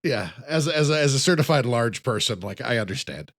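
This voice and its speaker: Male podcast co-host; easygoing recapper, expressive pitch, dry booth sound. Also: moderate pace, no room sound. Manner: relaxed, recaps plot with dry jokes. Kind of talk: casual film discussion.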